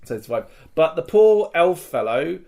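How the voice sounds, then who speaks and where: A man's voice: on the high side, very animated, unhurried, vocal fry, a little mellow. A man co-hosting a podcast, telling a battle story in casual chat, acting out the quotes and swearing freely. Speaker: podcast co-host.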